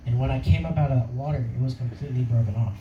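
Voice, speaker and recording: A man's voice: medium pitch, racing, roomy sound, far from the mic, lo-fi sound, background noise. A young man giving his personal testimony in a casual, rambling way, laughing often. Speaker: testimony speaker.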